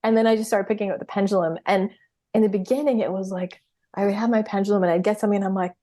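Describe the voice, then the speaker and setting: A middle-aged woman in a casual interview chat who tells her stories with lots of energy. She acts out her own past reactions and laughs often. Her voice sits at an ordinary pitch for a woman. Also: steady tone, fast talker, warm tone. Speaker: podcast guest, healer and coach.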